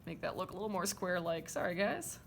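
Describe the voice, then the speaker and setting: Gravelly-voiced woman art teacher. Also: fairly low pitch, fast talker, a little hiss or hum. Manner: chatty, checks in with "okay?" and "right?". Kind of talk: drawing demonstration lesson.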